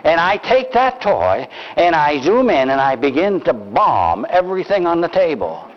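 An older man preaching a sermon, telling a story in an animated, deliberate way, heard on a dull lo-fi recording. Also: fairly high pitch. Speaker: pastor.

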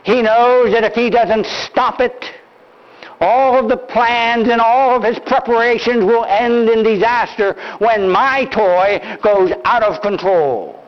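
An older man preaching a sermon, telling a story in an animated, deliberate way, heard on a dull lo-fi recording. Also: very high voice. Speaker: pastor.

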